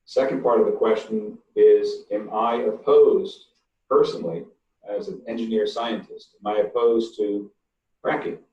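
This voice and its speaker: An older man, an engineering professor, answering webinar questions in a blunt, emphatic way, stressing key words slowly. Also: lowish voice, dark tone. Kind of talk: online webinar Q&A. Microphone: computer mic on a video call. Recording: distant, roomy, dull call audio.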